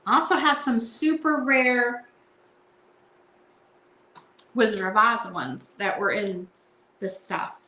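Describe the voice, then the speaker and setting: A woman's voice: fairly high pitch, takes it slowly, pauses often, bright, forceful tone, a little hiss or hum. A woman hosting a casual live sale, chatting and reading card verses aloud in a playful sing-song. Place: indoor room at home. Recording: echoey room.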